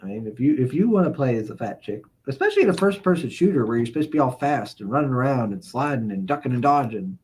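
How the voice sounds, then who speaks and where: A man's voice: mid-range voice, big pitch swings, fast, hardly any pauses, a little mellow. Male streamer, casual rambling host who reads chat aloud and chuckles a lot. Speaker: livestream host. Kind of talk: casual chat reading viewer comments.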